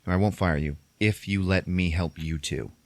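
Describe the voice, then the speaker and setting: A man voicing a calm, patient woman who runs a charity, talking mild and reasonable. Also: sits low, normal speed, dry recording. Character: calm female charity manager, polite and patient.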